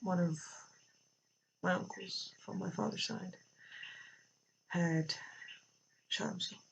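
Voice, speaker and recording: A vlogger recounts a personal story in a hesitant, unscripted way, circling back and filling pauses with ums and uhs. The voice sits at a middling pitch. The recording is muffled and lo-fi, with faint cars passing nearby. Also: flat delivery, gravelly, fairly bright tone. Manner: halting, many fillers and restarts. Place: near a road with passing cars. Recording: dull lo-fi with faint traffic noise.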